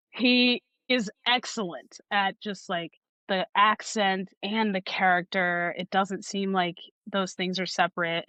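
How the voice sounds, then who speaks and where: A woman audiobook narrator talking thoughtfully in an interview, pausing and restarting as she gathers her words. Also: fairly low pitch, sharp tone, no room sound. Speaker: audiobook narrator and podcast guest. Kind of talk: conversational interview.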